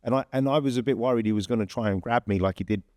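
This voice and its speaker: A man's voice: medium pitch, rapid-fire, a little mellow. A man with an English accent, telling a long story in a chatty, rambling way full of fillers and restarts. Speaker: podcast host. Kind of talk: casual anecdote telling.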